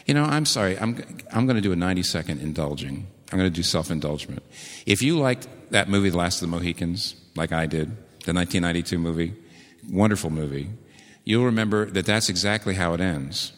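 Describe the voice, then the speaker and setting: A man preaching a sermon, telling stories earnestly and slowing down to repeat key words with emphasis. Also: sits low, lively intonation, in a large hall. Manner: earnest storytelling with slow emphatic repetitions. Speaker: pastor.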